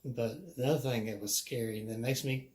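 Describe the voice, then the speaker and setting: A man's voice: mid-range voice, fairly quick, a little mellow. Man, casual storyteller, chatty, laughs often, voice of medium height. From Alabama. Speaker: guest telling ghost stories.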